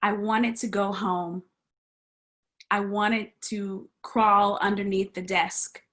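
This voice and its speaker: This guest preacher speaks slowly in a flat, mid-range voice that's a bit bright. Standing in a church sanctuary, she shapes her sermon into a personal story, performing the characters' voices dramatically and dropping to a whisper at times.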